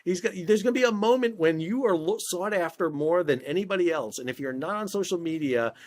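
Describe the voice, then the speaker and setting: A man's voice: sits high, a little fast. A middle-aged man, a former ship officer, telling stories in a casual interview, restarting often and acting out dialogue. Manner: animated, many restarts, acts out quoted dialogue. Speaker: guest, maritime expert and video creator.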